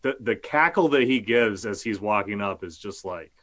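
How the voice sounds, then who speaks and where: A man's voice: on the low side, animated, normal speed, fairly bright tone. A male journalist talking casually as an interview guest, rambling with many fillers and restarts, and cursing now and then.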